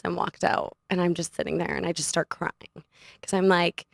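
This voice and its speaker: A young adult woman, a podcast guest, telling a personal story in an animated, casual way and laughing often. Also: on the low side, fairly quick, gravelly, dry recording, studio quality. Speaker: podcast guest, studio owner. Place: podcast studio.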